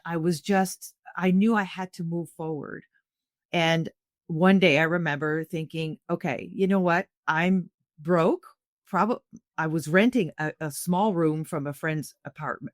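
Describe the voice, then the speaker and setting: A Canadian woman in middle age tells a personal story as a podcast guest, her voice slightly low. She is earnest and animated, restarting often. The sound is close and dry, with no room sound.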